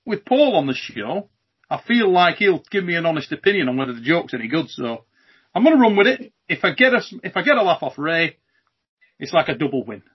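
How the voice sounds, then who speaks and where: A man's voice: on the high side, sing-song, a little fast, breathy edge, dull audio. A man hosting a casual podcast over a video call. He jokes, swears freely and tells a joke to his guests. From Britain. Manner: brash, joking, swears freely. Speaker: host.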